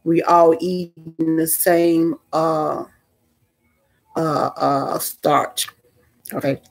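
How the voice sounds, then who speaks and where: A woman's voice: sits low, steady tone, extremely slow, creaky, faint music behind. An older woman telling a personal story in a chatty, rambling way with many fillers. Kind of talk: casual storytime vlog.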